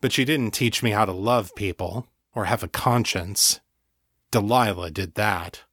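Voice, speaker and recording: A man reading a young male incubus priest weighed down by guilt, his voice rough and heavy with emotion. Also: fairly low pitch, a little slow, fairly bright tone, no room sound. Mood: grave.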